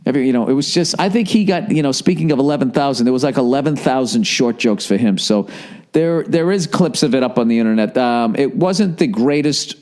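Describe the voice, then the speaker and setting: A man's voice: medium pitch, lively intonation, brisk, darkish tone. A man hosting a podcast, telling a rambling, profane story in a casual, wry monologue. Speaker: podcast host.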